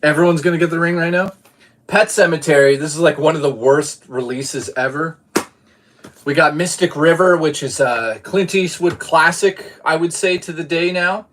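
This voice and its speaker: A man's voice: a little high, moderate pace, a bit bright, a little hiss or hum. A man from Boston streaming live, chatting casually about his movie collection and reading out chat messages, swearing now and then.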